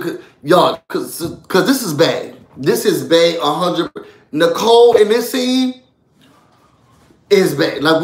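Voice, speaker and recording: A man casually recapping a reality show for his viewers, animated and chatty, often calling out to them. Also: fairly high pitch, reverberant. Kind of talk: casual live recap chat.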